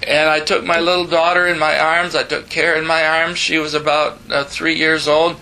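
An older man in his seventies delivers a sermon as a personal testimony. His voice sits high and has a bright, forceful edge. He tells his story earnestly with emphatic asides and trades quick banter with the listeners. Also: level tone, slight background noise, low-quality recording. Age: 70s. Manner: chatty banter with the audience. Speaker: preacher.

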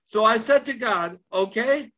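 A man's voice: very high-pitched, measured pace, bright, forceful tone, slight background noise. An older man preaching a sermon, telling a story with repeated phrases and questions to his listeners. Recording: slightly dull lo-fi recording.

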